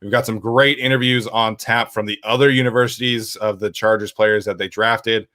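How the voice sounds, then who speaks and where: A man's voice: on the low side, steady tone, normal speed, pushed and bright, no room sound, clean studio sound. A young man hosting a casual sports podcast, reading out viewer questions and rambling with lots of fillers. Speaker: podcast host.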